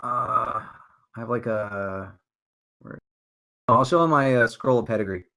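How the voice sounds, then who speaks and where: A man's voice: medium pitch, unhurried, fairly bright tone. A man playing a tabletop game, speaking for his character in a casual, hesitant way. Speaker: player. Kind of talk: in-character tabletop role-play.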